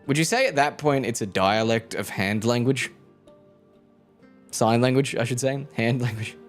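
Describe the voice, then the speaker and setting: A man's voice: mid-range voice, normal speed, faint music behind. A young man live streaming, rambling, joking and swearing freely as he talks to his chat. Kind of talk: casual stream chat with viewers.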